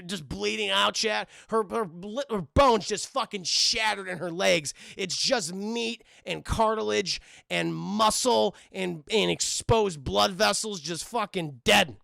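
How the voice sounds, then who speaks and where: Excitable, gravelly man streaming to chat. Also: sits high, no echo, studio quality. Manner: profane, excitable, joking. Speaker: streamer reviewing cartoons. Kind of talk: live-stream commentary to chat.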